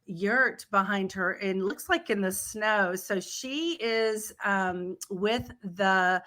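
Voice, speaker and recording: A woman's voice: medium pitch, slow, fairly bright tone. A woman hosting a travel podcast interview, upbeat and chatty, laughing easily. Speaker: podcast host.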